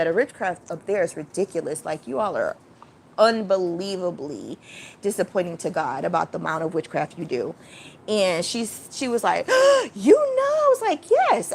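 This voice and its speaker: A woman hosting a casual livestream, rambling and chatty, breaking off to greet viewers with sudden high exclamations. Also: slight background noise. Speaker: livestream host.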